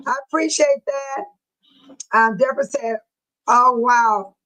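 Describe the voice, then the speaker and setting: A woman's voice: a little high, measured pace, long pauses, a bit bright, rough recording. A woman hosting her own channel in casual live-stream chat, laughing often and mimicking other people in exaggerated voices. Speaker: channel host.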